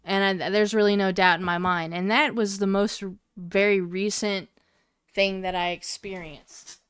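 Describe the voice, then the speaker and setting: A woman's voice: medium pitch, fairly even intonation, normal speed, a bit bright, clean tone, dry recording. A woman in her twenties co-hosting a podcast, telling a story casually with lots of swearing and fillers. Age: 20s. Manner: profane, meandering storyteller with many fillers. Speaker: podcast co-host.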